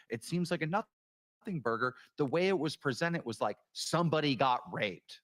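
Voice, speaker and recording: A man's voice: fairly high pitch, lively intonation, moderate pace. A man chatting casually on a commentary show, often hesitant and searching for words. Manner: hesitant, many fillers and restarts.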